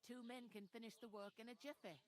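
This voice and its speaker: A woman's voice: a little high, steady tone, fast, close to an everyday voice. A woman voicing a blunt, bossy village innkeeper in a video game. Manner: bossy, plain-spoken, folksy.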